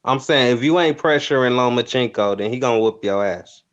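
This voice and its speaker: A man's voice: medium pitch, a little fast. A man chiming into a boxing chat on a video call with blunt, slangy casual remarks. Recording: dull lo-fi call audio.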